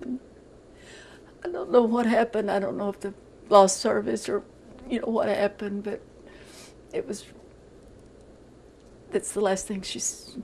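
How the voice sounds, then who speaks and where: An older woman giving a halting, emotional account in a news interview, often repeating words as she goes. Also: mid-range voice, fairly even intonation, vocal fry, a little mellow, a little hiss or hum, low-quality recording.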